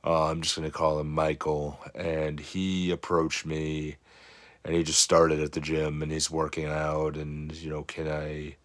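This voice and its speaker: A man's voice: extremely low pitch, completely flat delivery, a little slow. A man who coaches fitness, giving an earnest, rambling motivational talk to camera, full of "you know" and "I mean" fillers. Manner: earnest, rambling, many 'you know' fillers.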